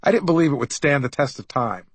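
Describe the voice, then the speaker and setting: A man's voice: mid-range voice, lively intonation, fast talker, husky, no echo, poor audio. A middle-aged man tells his own story in an easy, wry, conversational way, as if recounting it to a friend. His voice sits in a mid range. The studio sound is dry and close. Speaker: author narrating his memoir. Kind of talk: audiobook memoir narration.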